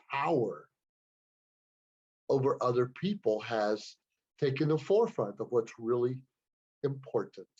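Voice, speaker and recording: A man's voice: mid-range voice, a little mellow, husky, highs cut off. A man hosting his own show, talking alone to the camera in an earnest, moralizing way, often repeating a word as he gathers his thoughts. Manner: earnest, moralizing, repeats words while thinking. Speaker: show host. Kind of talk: preachy solo talk to camera. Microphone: computer camera.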